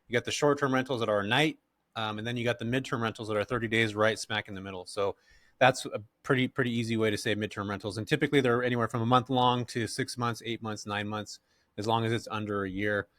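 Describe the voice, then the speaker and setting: A middle-aged man from California, a podcast guest who tells stories in a relaxed, slangy way and laughs often. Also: lowish voice, fast, no echo, clean studio sound. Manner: laid-back, slangy, animated, laughs often. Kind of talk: casual interview storytelling.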